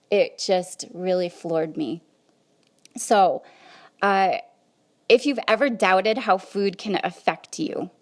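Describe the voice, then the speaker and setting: A woman hosting a podcast, telling a personal story in a conversational, animated way. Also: on the low side. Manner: conversational, animated retelling with quoted asides. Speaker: podcast host.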